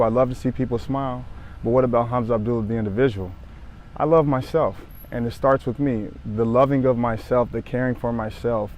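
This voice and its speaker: A man in his thirties from Southern California who speaks earnestly and haltingly, often repeating phrases as he tells a personal story to the camera. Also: mid-range voice, a little hiss or hum. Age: 30s. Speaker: former pro football player sharing his story.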